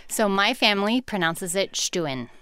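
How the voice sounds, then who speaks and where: A woman's voice: fairly low pitch, normal speed, fairly bright tone, a little hiss or hum. A woman guest in a casual radio interview, cheerful, laughing often and explaining things with care. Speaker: guest, colleague in digital media.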